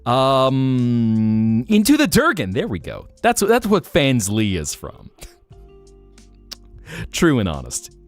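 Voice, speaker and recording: A man's voice: medium pitch, huge pitch swings, takes it slowly, long pauses, faint music behind. A man streaming as a VTuber, chatting casually with his live chat in a playful, teasing way with joking mock denials.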